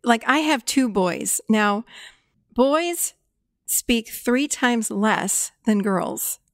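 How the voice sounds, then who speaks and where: Middle-aged woman, fairly high voice, animated storyteller, dry studio sound. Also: drawn-out words, dry recording. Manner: animated storytelling, acts out quoted lines, laughs often. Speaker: guest. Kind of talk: casual podcast conversation.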